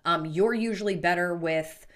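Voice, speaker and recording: A woman's voice: on the low side, moderate pace. A woman co-hosting a business podcast in casual chat, talking loosely with lots of "like" fillers. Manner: chatty, frequent "like" fillers. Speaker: podcast co-host.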